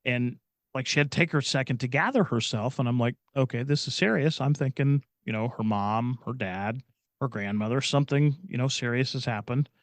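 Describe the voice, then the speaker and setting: A middle-aged man from Indiana telling a personal story as a podcast guest, earnest and halting, often restarting his sentences. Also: medium pitch, no room sound. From Indiana, USA. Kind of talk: personal storytelling in casual chat.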